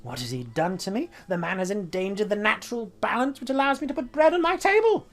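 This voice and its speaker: A man's voice: on the high side, very animated, fairly quick, breathy edge. A man voicing an indignant, fussy male alchemist merchant, complaining in a pompous, aggrieved way.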